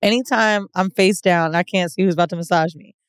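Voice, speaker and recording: A woman co-host, telling stories in an animated, casual way and swearing freely. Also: lowish voice, brisk, clear, resonant tone, no echo, clean studio sound. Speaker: podcast co-host. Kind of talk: casual podcast chat.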